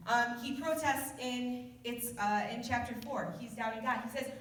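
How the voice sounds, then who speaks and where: A woman's voice: on the high side, moderate pace, fairly bright tone, a little hiss or hum. A woman giving an informal youth sermon in an earnest, conversational way, often restarting her sentences. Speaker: youth group speaker. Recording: echoey room from a distance.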